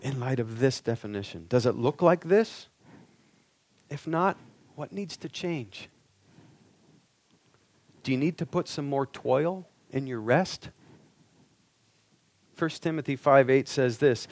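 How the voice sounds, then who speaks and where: A man's voice: mid-range voice, animated, slow pace, pauses often, darkish tone. A male preacher giving an earnest sermon, pressing the listeners with rhetorical questions.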